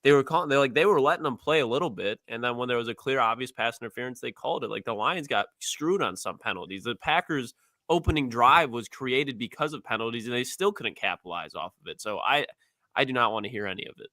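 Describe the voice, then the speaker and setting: A man's voice: mid-range voice, animated, bright, forceful tone, no room sound. A man co-hosting a sports talk show, blunt and filling his talk with "like". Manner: fast, blunt, says "like" a lot. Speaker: co-host.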